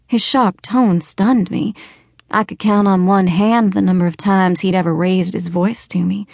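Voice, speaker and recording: Woman narrating an audiobook, low-ish gravelly voice, dry and close, steady pace. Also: no room sound. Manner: measured, steady first-person storytelling.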